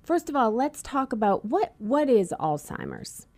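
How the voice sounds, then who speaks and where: A woman's voice: fairly high pitch, big pitch swings, measured pace, a little mellow. Chatty woman radio host, Boston accent. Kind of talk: radio interview.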